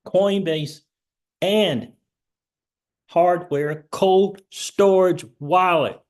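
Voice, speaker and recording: A man hosting a crypto vlog, ranting in an excitable way, repeating his questions and laughing between lines. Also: sits high, drawn-out words. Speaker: crypto channel host.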